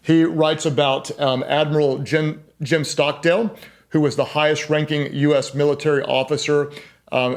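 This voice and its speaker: A middle-aged man, a pastor giving a leadership talk, speaking emphatically and conversationally, repeating key words for stress and dropping in self-deprecating asides. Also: fairly high pitch.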